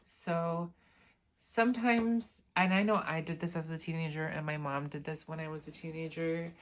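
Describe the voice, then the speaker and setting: In a deep voice with a steady tone and moderate pace, a woman reads from a self-help book during a casual lesson. She adds chatty asides and corrects herself along the way.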